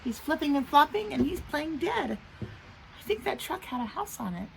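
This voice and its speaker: A woman teacher reading a picture book aloud to young children outdoors in the rain, in an expressive, sing-song storytelling manner. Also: high voice, moderate pace, vocal fry. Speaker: preschool teacher. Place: outdoors in the rain near a road. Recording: traffic noise from passing trucks.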